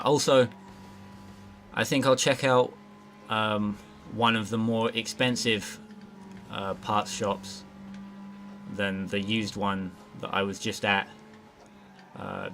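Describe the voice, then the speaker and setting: A man's voice: on the low side, fairly bright tone. A man casually narrating his gameplay as a let's play host, rambling with lots of fillers and frequent swearing. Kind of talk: gameplay commentary.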